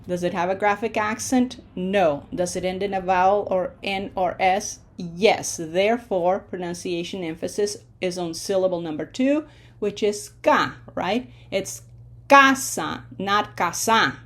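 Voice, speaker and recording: Speaking unhurriedly at a medium pitch, a woman teaches a Spanish pronunciation lesson, stretching model words out with long vowels and posing questions she then answers herself.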